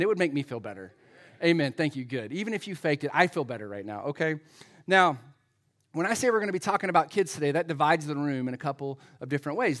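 A middle-aged man preaching a sermon, telling self-mocking stories to his congregation and building up to loud, excited shouting. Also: high voice. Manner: self-deprecating storytelling to a congregation; rises to loud excited shouting in the story's climax. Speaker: pastor.

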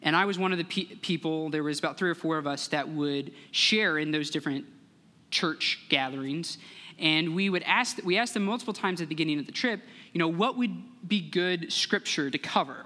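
A young man giving a sermon as a guest speaker, telling a story in an earnest, measured way and acting out the voices in it. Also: a little high, bright, forceful tone. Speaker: guest speaker, church relations director. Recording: long hall reverb.

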